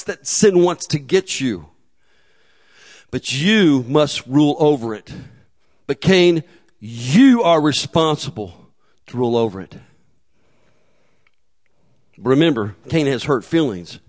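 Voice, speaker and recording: A man preaching a sermon in a relaxed, conversational way, with humor and acted asides. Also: on the high side. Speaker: pastor.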